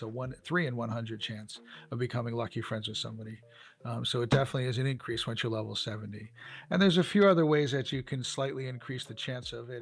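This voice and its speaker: A man co-hosting a casual game news chat, talking in a halting way with many fillers and restarts. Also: mid-range voice, vocal fry. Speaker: co-host.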